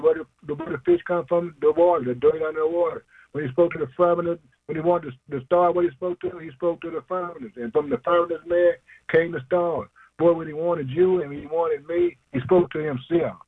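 A man's voice: on the high side, fairly quick, breathy edge, no room sound, narrow, tinny audio. A man preaching an informal sermon, emphatic and slangy, asking questions and answering them himself, chuckling often.

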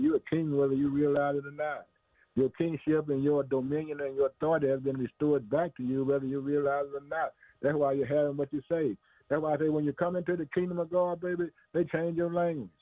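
A man's voice: mid-range voice, no echo. Preacher, man, loose conversational sermon, keeps saying "man" and "boy", thin phone-line sound, dry. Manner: repetitive, conversational, calls listener "man" and "boy". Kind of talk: informal preaching.

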